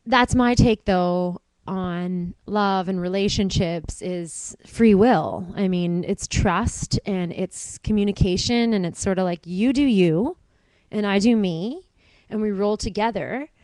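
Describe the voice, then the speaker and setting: A woman co-hosting a casual chat, telling animated stories and breaking into silly voices. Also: medium pitch, slow pace, no echo, low-quality recording. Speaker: podcast co-host.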